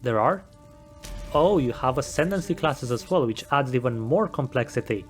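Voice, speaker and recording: A man's voice: mid-range voice, animated, normal speed, soft background music. A man giving a scripted game review voice-over with a wry, self-deprecating sense of humor. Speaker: gaming video creator.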